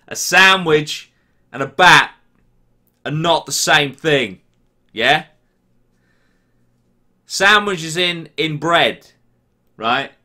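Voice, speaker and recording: Ranty English man with a bright voice. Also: fairly high pitch, lively intonation. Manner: ranty, sweary, quick to get heated. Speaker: YouTuber answering viewer questions. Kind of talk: casual Q&A chat.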